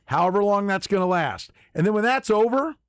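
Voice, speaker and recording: A man's voice: high-pitched, animated, a little fast, clean tone, no echo, clean studio sound. A man hosting sports talk radio, giving emphatic opinions and often repeating words as he starts a point. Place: radio studio. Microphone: studio microphone.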